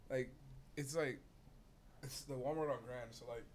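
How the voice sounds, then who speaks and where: A man's voice: mid-range voice, fairly even intonation, normal speed, a crowd in the background. A young man telling a long story to friends in a casual chat. He rambles, swears a lot and laughs at his own tale.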